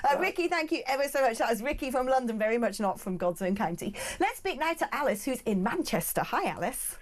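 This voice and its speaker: A woman's voice: on the high side, brisk. A woman hosting a radio phone-in show, jokey and chatty, wandering off topic. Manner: lively, jokey, goes off topic. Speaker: radio host.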